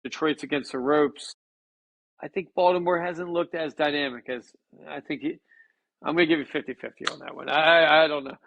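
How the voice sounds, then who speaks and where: A man co-hosting a casual sports betting chat, talking excitably with frequent stammered restarts. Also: a little high, a little fast, creaky, dull audio, a little hiss or hum.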